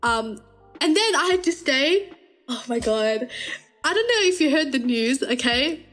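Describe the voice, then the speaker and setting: A woman's voice: sits high, big pitch swings, measured pace, a bit bright, faint music behind. A young woman, telling a story in casual chat and laughing often. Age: young adult.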